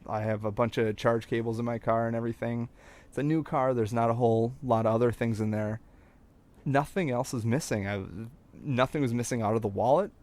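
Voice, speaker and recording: A young man with a mid-pitched voice chats in an easygoing, unscripted way. He tells his story at a relaxed clip, wandering between asides and starting sentences over. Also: a little fast. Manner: relaxed, rambling, with filler words and restarts. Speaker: podcast co-host telling a story. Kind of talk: casual storytelling chat.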